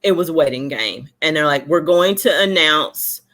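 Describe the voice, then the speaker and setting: A woman's voice: low-pitched, moderate pace. A woman in her forties, a romance author chatting as an interview guest, telling stories and acting out the voices of others over a video call. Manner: animated storyteller, acts out voices of others. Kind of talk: casual interview chat.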